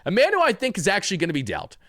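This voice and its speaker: A man's voice: high voice, wildly swooping pitch, racing, bright, forceful tone, no echo, clean studio sound. A man hosting a sports channel, giving opinionated commentary in a conversational way and correcting himself mid-sentence.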